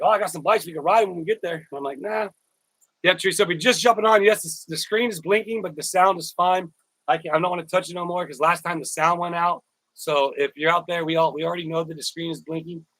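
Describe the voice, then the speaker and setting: Guy rambling on his live stream, thanks chat by name, kinda high voice, dry room. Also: a bit bright, dry recording, rough recording. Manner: rambling, repeats words, thanks viewers by name. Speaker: YouTuber live-stream host.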